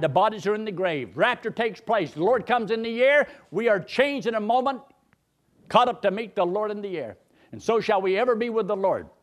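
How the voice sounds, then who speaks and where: A male pastor, preaching a sermon in a folksy, joking storyteller's way. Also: high voice.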